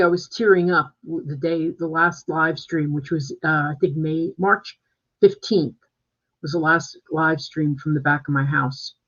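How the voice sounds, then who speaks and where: A man's voice: a little high, pushed and bright. Chatty man on a dull lo-fi stream. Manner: rambling and chatty, full of fillers and restarts. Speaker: real estate agent. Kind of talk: casual live-stream chat. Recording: dull lo-fi live-stream audio.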